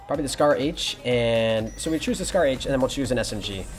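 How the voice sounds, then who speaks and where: Fast-talking young male game streamer. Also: medium pitch, faint music behind. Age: young adult. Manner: relaxed, chatty, reads and answers chat. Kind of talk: casual live-stream chat while playing.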